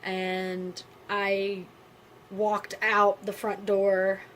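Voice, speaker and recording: Woman vlogger, mid-pitched, subdued and halting, candid storytelling delivery over faint background noise. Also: monotone, low-quality recording. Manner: subdued, halting and quiet, with frequent pauses; candid, casual with blunt swearing. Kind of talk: personal storytelling to camera.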